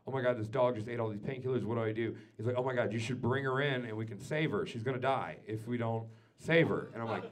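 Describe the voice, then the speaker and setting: A man doing a stand-up comedy set, telling a story with lots of swearing and swinging from quiet asides to loud rants. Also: mid-range voice, fast talker. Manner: swears freely. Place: comedy club stage before a live audience.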